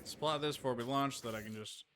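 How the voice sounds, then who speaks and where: Male streamer, relaxed chatty play-by-play, mid-range voice, clear hiss under the mic. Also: mid-range voice, fast talker. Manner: thinks aloud, easygoing and chatty. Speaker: game streamer. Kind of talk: casual gameplay commentary. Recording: steady noise behind the voice.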